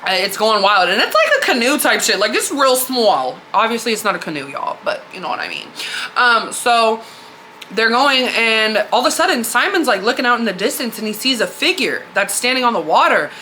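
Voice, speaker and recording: Bright-voiced woman telling a story casually. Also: on the high side, very animated, fairly quick, a little hiss or hum. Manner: candid, slangy, loose and conversational. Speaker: podcast host.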